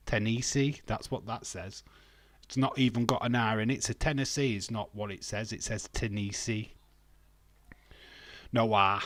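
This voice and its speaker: A man's voice: lowish voice, fairly even intonation, normal speed, fairly bright tone, no echo. A man hosting a live stream, chatting casually with viewers, teasing them and chuckling as he reads out their comments. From England. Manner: teasing, chuckling, banters with chat, muses aloud.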